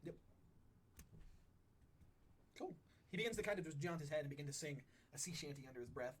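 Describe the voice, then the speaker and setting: A young man runs a tabletop game, narrating the scene in a slightly high voice. Faint noise sits behind him on the recording. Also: brisk. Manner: lively, swearing, voices pirate NPCs. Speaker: game master.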